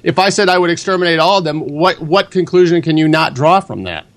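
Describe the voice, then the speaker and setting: A man's voice: on the high side, animated, fairly quick. A man arguing as a guest in a heated debate, combative and dismissive.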